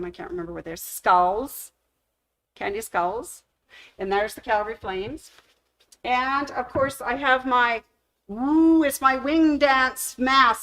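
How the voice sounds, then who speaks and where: A middle-aged woman, chatting on her livestream and telling a long, animated story with quick shifts into other people's voices. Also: fairly high pitch, rough recording. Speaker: sewing shop livestream host.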